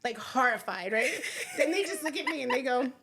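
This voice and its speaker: A woman's voice: high-pitched, brisk, background noise. A woman podcast guest telling stories in casual chat, laughing often and acting out what others said. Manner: animated storyteller acting out others' lines.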